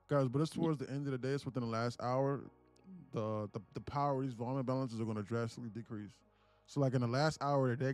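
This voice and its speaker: A man's voice: mid-range voice, darkish tone. A man hosting a live day-trading stream, talking casually and profanely to his chat. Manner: laid-back, profane, addresses chat as guys. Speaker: day-trading livestream host. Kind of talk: casual livestream commentary.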